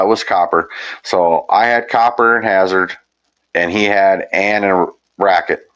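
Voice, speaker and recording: Profane rambling storyteller, low-voiced man. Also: a bit bright. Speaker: podcast host. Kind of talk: casual storytelling chat. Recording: dull lo-fi audio.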